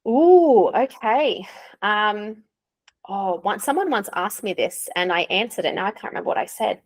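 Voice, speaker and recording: A woman's voice: mid-range voice, animated, normal speed. Chatty young Australian woman. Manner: chatty, laughs often, candid. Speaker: English teacher and guest. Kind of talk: casual interview chat.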